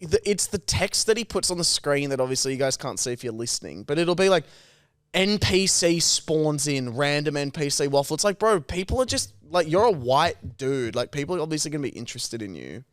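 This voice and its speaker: A young Australian man co-hosting a podcast in casual chat, excitable and rambling, with crude slang. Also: a little high, fairly quick, dry recording, clean studio sound. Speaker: podcast co-host.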